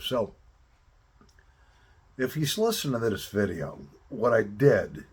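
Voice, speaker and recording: A man casually chatting to camera as a pipe-smoking vlogger, telling rambling stories in a relaxed way. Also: fairly low pitch, breathy edge. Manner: relaxed, rambling storytelling with drawn-out pauses.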